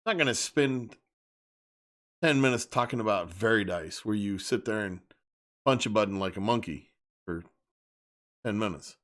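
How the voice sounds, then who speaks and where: A man's voice: on the low side, moderate pace, pauses often, fairly bright tone. A man hosting a live stream, speaking bluntly and emphatically in a casual rant and often repeating himself.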